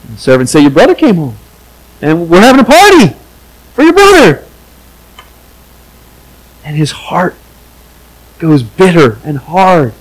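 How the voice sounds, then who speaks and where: A man's voice: on the high side, huge pitch swings, a little slow, long pauses, poor audio. A man preaching a sermon as pastor, earnest, and acting out the quoted voices of the story.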